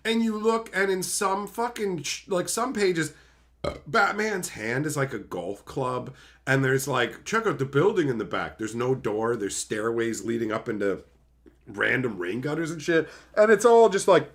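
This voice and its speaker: A man's voice: fairly high pitch, very animated, normal speed, fairly bright tone. A man streaming to his chat, ranting casually and sarcastically with plenty of swearing, and mocking others by putting on their voices. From Canada. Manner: profane, sarcastic, mocks others in put-on voices.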